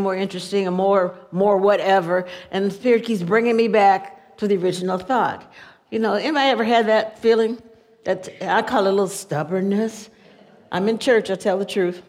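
A woman giving a relaxed, chatty sermon in a folksy tone, often breaking into laughter. Her mid-pitched voice carries a long church reverb. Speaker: church speaker. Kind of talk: conversational sermon.

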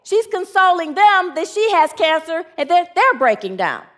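A woman's voice: extremely high pitch, very animated, moderate pace, fairly bright tone. A woman preaching a sermon, using call and response with her congregation and telling stories in an earnest way. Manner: earnest, storytelling with acted quotes.

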